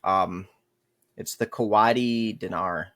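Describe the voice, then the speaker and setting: A man's voice: lowish voice, fairly even intonation, slow pace, fairly bright tone. A young American man co-hosting a casual podcast on a headset mic, blunt and casual with swearing. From United States. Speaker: podcast co-host. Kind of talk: casual chat.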